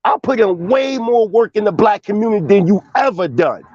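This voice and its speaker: A man's voice: high voice, animated, a little fast, hardly any pauses, darkish tone, no echo, lo-fi sound. A man making his case in a heated online debate, confrontational and emphatic, with frequent swearing.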